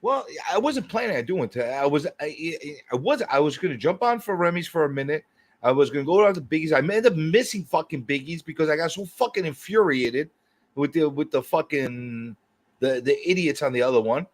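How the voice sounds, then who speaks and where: Man, livestream host, heated profane rant, husky, high voice, lively swooping pitch. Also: fairly quick. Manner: profane, fired-up, repeats himself as he rants.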